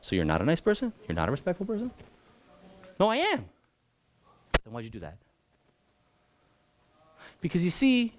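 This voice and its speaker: A man, a rabbi teaching an adult class, telling a lively teaching story and acting out its people, jumping between loud bursts and hushed asides. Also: mid-range voice. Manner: animated, acts out voices and jumps between loud and hushed.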